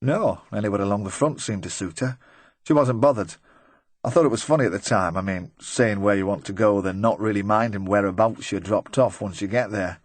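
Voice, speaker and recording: A nervous, rambling middle-aged van driver, voiced by a male audiobook reader, eager to please and quick to crack a weak joke. The voice sits low and close, recorded dry with no room around it. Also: no room sound, lightly acted. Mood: chatty, uneasy.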